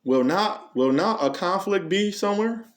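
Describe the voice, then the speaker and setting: A man. He speaks an unscripted, preachy monologue, asking the listener question after question. He tells stories in an animated way. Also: sits high, moderate pace. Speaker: commentary channel host.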